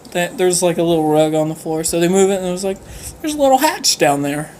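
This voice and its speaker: A woman's voice: lowish voice, lively intonation, fairly quick, darkish tone, slight background noise. A woman telling a rambling comic story, laughing often and using many fillers. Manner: giggly, rambling, with frequent fillers. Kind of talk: casual comedic storytelling.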